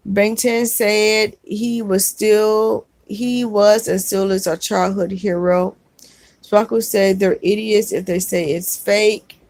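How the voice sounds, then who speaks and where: This woman's medium-pitched voice stays steady as she reads viewer comments on her casual stream and responds softly, calling folks sweetheart. Fillers, halts and restarts pepper her talk. The sound is dry and close-miked, with no reverb.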